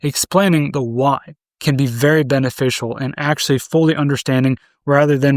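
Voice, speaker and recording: Guy in his 30s doing a solo podcast, mid pitch, chatty and rambling, dry close sound. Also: steady tone, brisk, hardly any pauses, no room sound. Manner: conversational, repeats "right?" and restarts. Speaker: podcast host.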